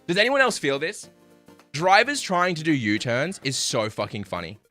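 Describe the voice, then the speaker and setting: A man's voice: on the high side, huge pitch swings, normal speed, bright, forceful tone, soft background music. A young man telling stories on a live stream, swearing and laughing as he chats with viewers. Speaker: livestreamer. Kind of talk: casual live-stream storytelling.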